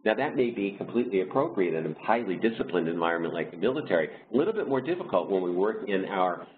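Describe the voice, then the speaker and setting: A man presenting a webinar over slides, explaining in a measured way with frequent pauses and restarts. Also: low voice, very animated. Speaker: diversity consultant leading a webinar. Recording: tinny phone-like line with faint noise.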